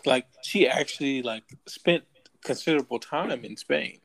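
Gravelly man in casual chat. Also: mid-range voice, moderate pace, a bit bright, rough recording. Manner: rambling, many "like" fillers, questioning.

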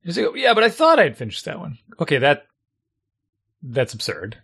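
Exasperated middle-aged dad chatting. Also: male voice, on the high side, moderate pace, vocal fry, breathy edge. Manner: exasperated, animated storytelling. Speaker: parent. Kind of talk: casual chat.

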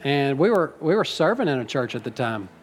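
Preaching with brisk, very animated delivery at medium pitch, a middle-aged pastor addresses his church in the sanctuary while faint music plays. He is folksy and rambling, teasing his listeners and getting emotional.

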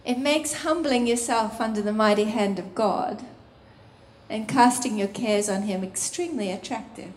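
A woman preaching a sermon, expressive, with bursts of laughter and sung phrases. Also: medium pitch, normal speed, reverberant, slight background noise.

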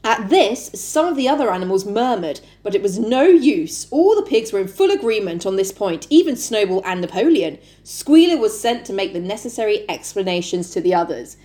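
A woman's voice: mid-range voice, big pitch swings, fairly quick, hardly any pauses, warm tone. A woman hosting a podcast, reading a book aloud in a giggly, chatty way with casual asides.

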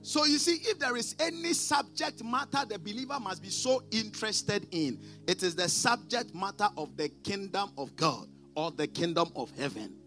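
A man preaching a sermon as pastor, emphatic, calling on the congregation to repeat after him and swinging between loud declarations and quiet asides. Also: high-pitched, animated, moderate pace, hardly any pauses, soft background music. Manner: preaching with call-and-response prompts to the congregation.

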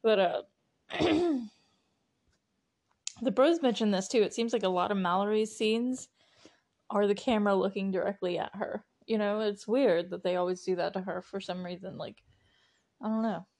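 A young woman chats through a show recap at her own podcast mic, loose and giggly. Her voice sits at an ordinary middle pitch, and she keeps dropping in "like" and "you know" between quoted bits. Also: moderate pace, long pauses, a little mellow. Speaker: podcast host.

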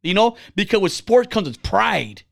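Blunt, animated man with a lively voice. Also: moderate pace, gravelly, no echo, studio quality. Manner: blunt, profane, animated storytelling; acts out quoted people with big pitch jumps. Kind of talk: casual chat.

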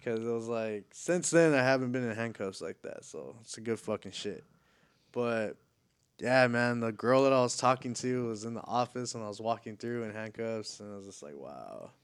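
A man's voice: mid-range voice, normal speed, clean tone. A man telling a story in casual chat, slangy and profane.

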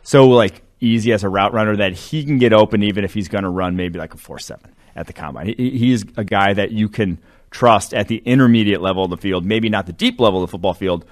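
A man's voice: fairly low pitch, fast talker. A man co-hosting a sports podcast, breaking down draft prospects in loose, rambling talk with lots of fillers. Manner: rambling, filler-heavy analysis. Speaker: co-host. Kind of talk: casual sports podcast chat.

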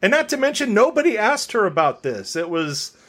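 A young man co-hosting a podcast, his voice sitting a little high. He rants with a sarcastic edge in loose, casual chat. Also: big pitch swings, fairly quick, a bit bright. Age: young adult. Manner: sarcastic, ranting. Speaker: podcast co-host.

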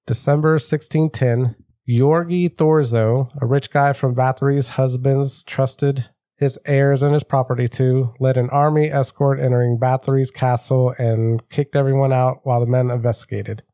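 Mellow-voiced man telling history casually. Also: medium pitch, steady tone, normal speed, no echo, clean studio sound. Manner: reads history notes with offhand jokes. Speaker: podcast host. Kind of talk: casual podcast storytelling.

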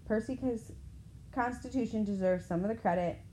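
A woman voicing a weary, wise old male centaur teacher who speaks calmly and firmly. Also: a little high, close to an everyday voice, low-quality recording. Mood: grave. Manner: calm, measured, gently firm.

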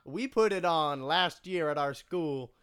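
Teen dude on a podcast, kinda high smooth voice, deadpan wisecracks. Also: male voice, measured pace. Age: teens. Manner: dry, wry quips. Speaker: podcast co-host. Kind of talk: casual chat.

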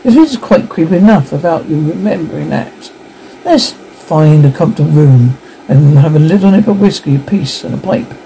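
Man doing a grumbling jittery fellow, storybook reading, gravelly voice. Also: fairly high pitch, lively intonation, normal speed, mellow, slight background noise, low-quality recording. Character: jittery, grumbling male companion.

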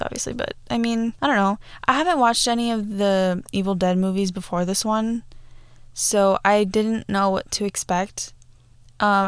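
Young woman, podcast host, chatty, rambling, smooth clear voice, dry room. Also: a little high, no echo. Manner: chatty, rambling, many fillers and restarts. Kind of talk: casual movie review chat.

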